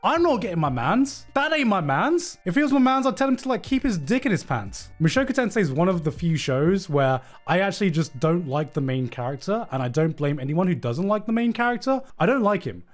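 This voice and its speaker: A man streaming live, reacting to anime award nominations in an emphatic, swearing, animated commentary. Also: high voice, a little fast, few pauses, soft background music.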